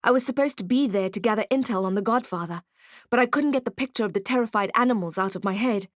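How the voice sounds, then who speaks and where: A woman reading an audiobook in first person with wry, expressive storytelling. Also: medium pitch, quick pace, no echo, clean studio sound. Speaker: audiobook narrator. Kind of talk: scripted first-person narration.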